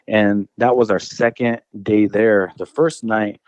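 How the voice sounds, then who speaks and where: Low-voiced man telling a rambling story. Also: steady tone, unhurried, few pauses, darkish tone, dry recording, dull audio. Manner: rambling, restarts phrases, says dude and bro. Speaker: guest telling an encounter story. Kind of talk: casual storytelling.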